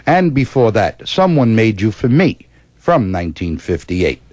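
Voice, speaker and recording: A man's voice: fairly low pitch, very animated, unhurried, a little mellow, no echo. A man co-hosting an oldies radio show, chatting casually and sending personal dedications to listeners.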